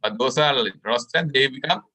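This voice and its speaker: A man's voice: medium pitch, normal speed, pushed and bright. A Sri Lankan man teaching a medical class online, explaining step by step and often checking in with "right?". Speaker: medical lecturer.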